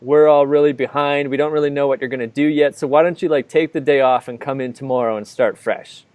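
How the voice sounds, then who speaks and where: A podcast co-host living abroad in Ireland rambles through a long personal story in casual conversation indoors, stuffing his speech with "like" and other fillers. His medium-pitched voice is quick, a little mellow and fairly even in intonation. There is no echo on the recording.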